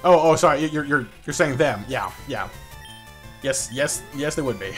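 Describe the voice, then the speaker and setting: A man live-streaming a game and reading chat aloud, talking fast and excitably, stuttering and repeating words, laughing often. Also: on the high side, faint music behind.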